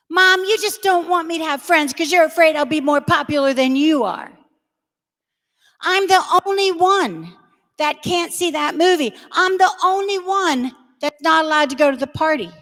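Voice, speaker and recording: A woman's voice: very high-pitched, a bit bright, voice pushed up, full character voice. A woman acting out a sulky teenage girl who whines and accuses her parents. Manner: whiny, accusing. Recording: long reverb of a large hall.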